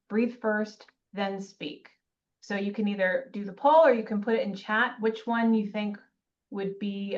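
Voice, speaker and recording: A woman co-presenting an online training session, chatty and telling stories with asides, heard over a video call. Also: mid-range voice. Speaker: webinar co-presenter. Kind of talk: casual online training talk. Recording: distant, dull lo-fi call audio.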